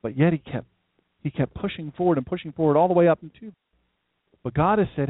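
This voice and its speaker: A man's voice: on the high side, quick pace, long pauses, breathy edge, dry recording. A man from downstate Delaware preaching a livestream sermon as pastor, folksy and conversational, with rambling asides. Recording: dry, tinny phone-like sound.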